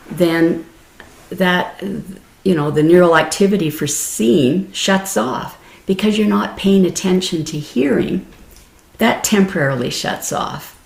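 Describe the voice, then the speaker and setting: A woman meditation teacher giving a gentle, explanatory dharma talk, laughing easily and restarting her phrases. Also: low-pitched, vocal fry. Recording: roomy echo.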